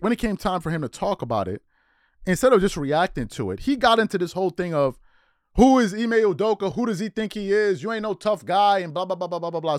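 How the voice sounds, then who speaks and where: A man's voice: medium pitch, no room sound, clean studio sound. A man hosting a sports commentary show, firing off incredulous rhetorical questions.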